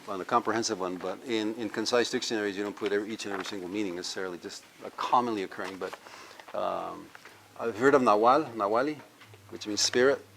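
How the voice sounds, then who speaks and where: A man's voice: on the low side, a bit bright, slight background noise. A man, a university professor, giving a live language lecture, explaining step by step and having the audience repeat words after him. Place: cultural center with a live audience.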